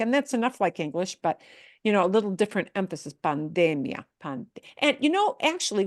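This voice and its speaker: A woman's voice: mid-range voice, dry recording, clean studio sound. A woman teaching a Spanish class, switching between Spanish and English and patiently explaining how words are stressed. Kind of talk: online language class.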